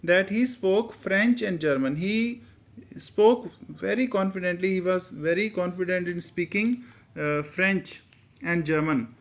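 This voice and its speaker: A man's voice: high-pitched, a little slow. A man with an Indian English accent teaching, reading a textbook story aloud and re-explaining each line in simple words, with Hindi asides.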